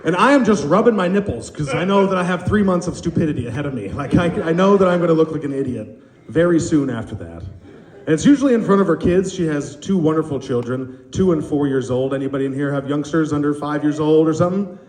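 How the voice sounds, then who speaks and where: Male stand-up comic, slightly high voice, lively storyteller, echoey club. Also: fast. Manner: animated storytelling with acted quotes. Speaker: stand-up comedian. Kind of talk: stand-up comedy set. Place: comedy club stage. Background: audience laughter.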